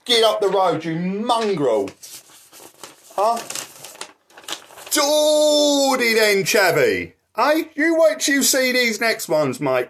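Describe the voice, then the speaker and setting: A man's voice: sits high, a bit bright, slight background noise. A man ranting angrily in a vlog, swearing constantly and asking "right?" as he goes. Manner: shuffles through papers, voice drifts from the mic. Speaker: activist vlogger.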